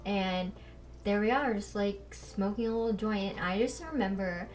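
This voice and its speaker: A young woman in her twenties, co-hosting a podcast, telling a story in casual chat, animated and full of "like" and swearing. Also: mid-range voice, normal speed, recorded from a distance. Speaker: podcast co-host.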